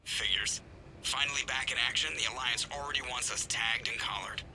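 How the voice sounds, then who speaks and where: Male actor as dry, weary commander, quick delivery, noisy game audio. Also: mid-range voice, close to an everyday voice. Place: game scene heard through stream. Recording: game audio with background noise.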